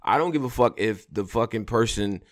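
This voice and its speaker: A man's voice: on the low side, expressive, normal speed, over a noisy crowd. A man who judges battle rap, arguing emphatically in a heated, profane casual debate. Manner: emphatic, repetitive, profane, argues back over others.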